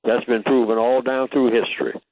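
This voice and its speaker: A man's voice: medium pitch, level tone, moderate pace, no room sound. An older man speaking as a guest on a radio talk show, teaching emphatically and asking rhetorical questions. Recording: tinny phone line, dry.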